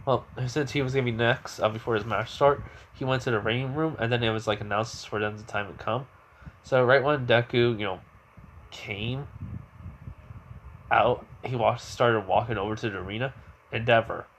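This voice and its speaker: A man casually improvising a fan story, circling back and padding his sentences with fillers. His voice is at a middling pitch, and a faint ambient hum sits behind it. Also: steady tone, normal speed, a bit bright. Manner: rambling, full of fillers and restarts.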